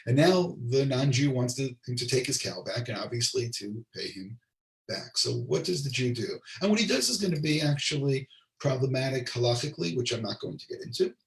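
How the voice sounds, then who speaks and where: A rabbi teaches a Torah class, reading Hebrew and translating each line into English with asides to his audience. His voice has a gravelly edge. It sounds roomy and a little distant from the mic. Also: mid-range voice, lively intonation, brisk. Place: lives in Israel.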